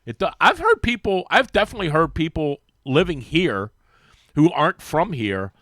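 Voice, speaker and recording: Animated man telling stories on sports radio. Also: fairly high pitch, moderate pace, no room sound, clean studio sound. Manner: animated storyteller, mimics voices, lots of restarts. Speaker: in-studio guest. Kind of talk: casual sports radio chat. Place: radio studio. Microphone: studio microphone.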